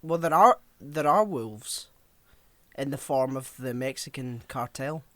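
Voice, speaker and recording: Man, podcast co-host, casual, mid-pitched voice, leads the discussion. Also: animated, measured pace, pushed and bright, no room sound. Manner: conversational, steers topics, recounts scenes. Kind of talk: casual film chat.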